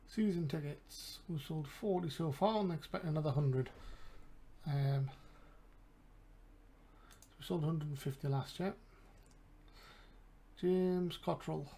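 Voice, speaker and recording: A man's voice: fairly high pitch, slow, long pauses, warm tone, slightly rough. A man with an English accent, casually commentating a game and thinking aloud with mumbled asides. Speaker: gaming channel host.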